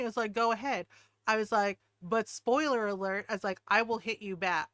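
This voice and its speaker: Bright, clear-voiced storytelling woman. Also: medium pitch, fairly quick, no room sound, clean studio sound. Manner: animated, acts out quotes, laughs often. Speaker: streamer. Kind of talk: casual storytelling chat.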